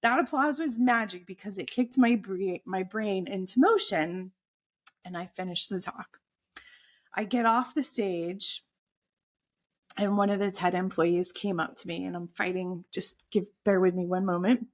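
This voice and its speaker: A woman's voice: medium pitch, unhurried. A woman telling a personal story. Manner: animated anecdote with voiced quotes of her own thoughts. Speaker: podcast guest.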